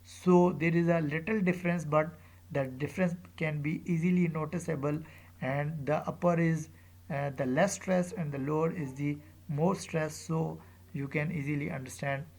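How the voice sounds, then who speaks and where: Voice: medium pitch, steady tone, darkish tone. An English teacher giving a pronunciation lecture, saying each example word twice and spelling out word endings letter by letter. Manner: says each example word aloud two or three times; deliberate, with spelled-out letters and frequent "uh".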